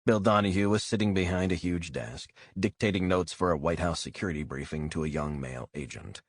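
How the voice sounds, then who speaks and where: A male audiobook narrator reading a thriller in a measured, even way. His voice is very low and husky, recorded dry and close. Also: no echo.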